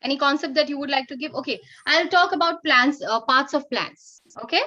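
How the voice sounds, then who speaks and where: A middle-aged woman with an Indian English accent and a high, bright, pushed voice speaks briskly while coaching teachers in an upbeat online workshop. As a teacher trainer on a video call, her audio comes through dull.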